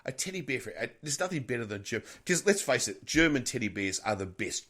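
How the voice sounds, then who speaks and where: A man's voice: mid-range voice, sing-song, a little fast, a bit bright. A middle-aged man co-hosting a podcast, telling a rambling story in casual chat. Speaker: podcast co-host.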